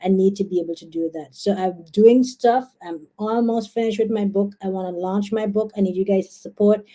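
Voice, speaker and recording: A young woman from Guyana with a Guyanese accent, hosting a casual live stream in an excitable, chatty way. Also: mid-range voice, fairly quick. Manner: chatty, excitable, laughs and exclaims often. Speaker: livestream host.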